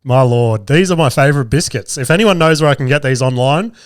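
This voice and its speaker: A man's voice: medium pitch, lively intonation, fairly quick, smooth, no room sound. Male podcast host in his 30s, rambling, crude humor, a little stuffy-nosed, dry close recording. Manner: profane, rambling, jokey. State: getting over a cold, a bit nasal. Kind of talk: casual comedic podcast chat.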